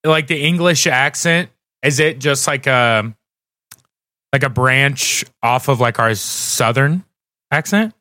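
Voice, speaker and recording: A man's voice: medium pitch, slow, pushed and bright, no room sound, studio quality. A man co-hosting a podcast in casual chat, rambling, self-deprecating and laughing often. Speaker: podcast co-host.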